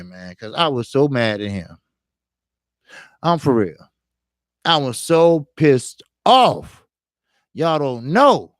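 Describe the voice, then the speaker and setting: A slightly high-voiced man tells a rambling street story in casual style, heavy on "you know" and profanity. He hosts a boxing channel and comes from Chicago, USA. The recording is dry and studio quality.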